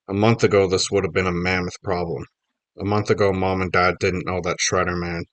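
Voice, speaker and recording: A man's voice: low voice, bright, forceful tone, dry recording. A man narrating a children's book in the first person, reading steadily and plainly. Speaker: audiobook reader.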